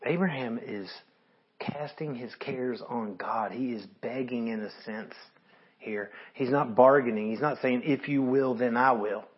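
A man's voice: mid-range voice, measured pace, husky, dull audio. A man preaching a sermon, reading scripture aloud and commenting on it in an earnest, conversational way. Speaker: pastor.

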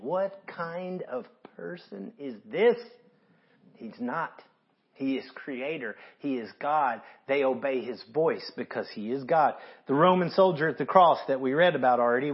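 A man's voice: on the high side, dull audio. A man preaching a sermon in an earnest, emphatic way, reading scripture aloud. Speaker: pastor.

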